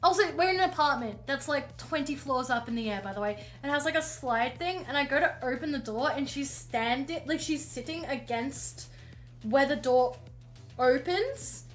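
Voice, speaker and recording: A woman's voice: sits high, lively intonation, moderate pace, faint music behind. A young woman streamer telling a long casual story, rambling and swearing, with frequent self-interrupting asides.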